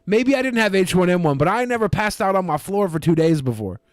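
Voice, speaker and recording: A man's voice: high-pitched, expressive, quick pace, dry recording, clean studio sound. A man co-hosting a podcast, telling rambling jokey stories in casual banter. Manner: joking, rambling storyteller. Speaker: co-host.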